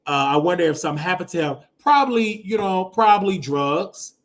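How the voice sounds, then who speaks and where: High-voiced expressive male show host. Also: brisk. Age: 30s. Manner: emotional, expressive, swings into loud exclamations. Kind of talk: casual commentary show.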